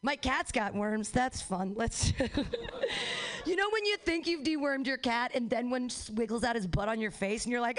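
A woman emcees a comedy night in a rambling, giggly way, starting sentences and abandoning them. Her voice sits fairly high, and she speaks into a handheld mic on a club stage. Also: lively intonation, normal speed, a little hiss or hum. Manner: rambling, giggly, self-interrupting. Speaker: comedy show host. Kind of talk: stand-up emcee banter.

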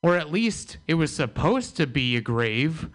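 A man performing a stand-up comedy set with a dry, deliberate delivery. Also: a little high, big pitch swings.

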